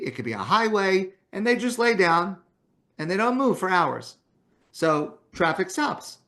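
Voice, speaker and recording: A Canadian rabbi with a fairly high voice gives a morning talk. His manner is relaxed and conversational as he tells a story and acts out the voices in it.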